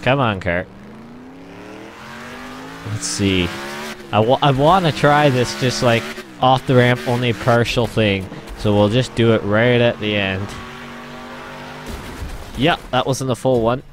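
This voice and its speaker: A man's voice: medium pitch, measured pace, pauses often, over music. A man hosting a gaming channel, giving rambling let's-play commentary with lots of laughter and exclamations. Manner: excitable, laughs and exclaims often; rambling, repeats himself.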